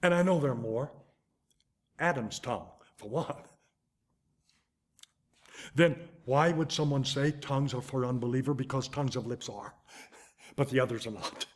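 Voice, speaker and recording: An older man preaching a sermon, telling a story with animated, dramatic swings in loudness and pace. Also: mid-range voice, moderate pace, pauses often.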